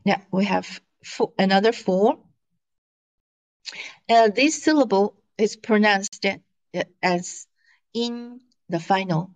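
A woman's voice: medium pitch, slow pace, long pauses. A woman teaching pronunciation in a lesson, patient and repeating each syllable for students to follow. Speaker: Mandarin teacher.

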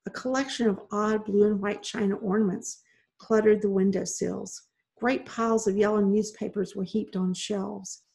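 Woman, mid pitch, reading a kids' chapter book aloud, steady and measured. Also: vocal fry. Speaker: reader. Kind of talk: reading a children's novel aloud.

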